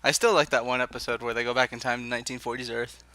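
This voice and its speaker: Excitable young man with a very bright voice. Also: medium pitch, racing, no room sound. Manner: excitable, teasing, laughs a lot. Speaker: podcast co-host. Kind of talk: casual chat.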